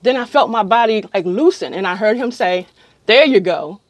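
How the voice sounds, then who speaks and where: A woman's voice: on the high side, a little fast, dry recording. A middle-aged woman casually telling a long, rambling story to camera with many ums. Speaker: vlogger.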